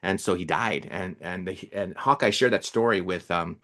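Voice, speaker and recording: A man with a low, slightly bright voice co-hosts a podcast at a moderate pace, rambling through casual chat with many fillers and restarts.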